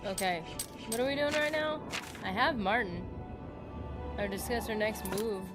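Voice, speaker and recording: A woman's voice: fairly high pitch, moderate pace. A woman streaming a game, chatting and laughing with her viewers as she plays. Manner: chatty, giggly, talks to chat. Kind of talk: casual gameplay commentary. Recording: game music behind.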